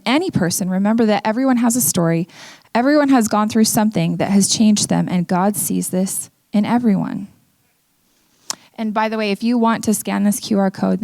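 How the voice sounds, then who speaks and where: A woman's voice: mid-range voice, vocal fry, a little mellow, no room sound. A middle-aged woman from Utah giving an earnest, candid personal testimony talk at an event. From Utah, USA. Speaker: speaker. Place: event venue.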